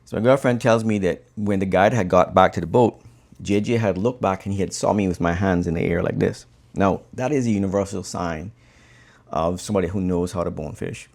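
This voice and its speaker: A man from the Cayman Islands who guides bonefishing recounts a fishing tale casually while working on a fly. The voice is low and gravelly, moving fairly quickly.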